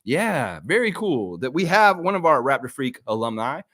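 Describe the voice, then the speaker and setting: A man's voice: medium pitch, sing-song, moderate pace, a bit bright, dry recording, studio quality. A man hosting a live sports chat stream, brash and trash-talking, reading viewer comments aloud.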